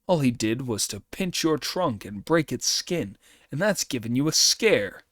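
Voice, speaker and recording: A persuasive senior demon chief, as a male reader puts him on, talking close to the reader's own voice. He speaks slowly with lively pitch in a dry storybook reading. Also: no room sound.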